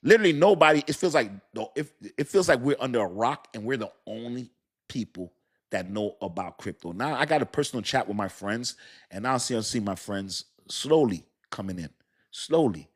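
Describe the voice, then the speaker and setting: A man's voice: mid-range voice, animated, a little fast. A man hosting a casual livestream, rambling and laughing as he talks to his chat. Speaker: crypto livestream host.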